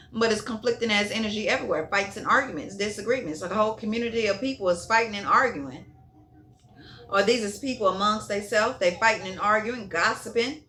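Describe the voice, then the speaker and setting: A woman's voice: mid-range voice, pushed and bright, a little hiss or hum. A woman giving a casual tarot reading in a blunt, profane way, repeating herself and checking in with "okay?". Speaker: tarot reader.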